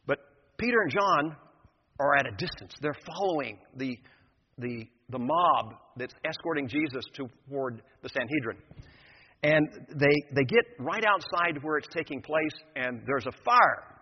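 A man's voice: a little high, lively intonation, unhurried, a little hiss or hum. An older man preaching a sermon, retelling a scripture story with vivid, emphatic storytelling. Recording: dull lo-fi sound in a reverberant hall.

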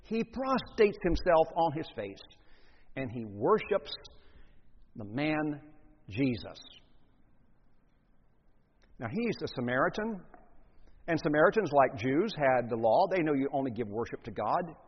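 A man preaching a sermon in an animated way, acting out scenes with big swings in pitch and volume. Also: unhurried, pauses often, breathy edge. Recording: long hall reverb, muffled lo-fi sound.

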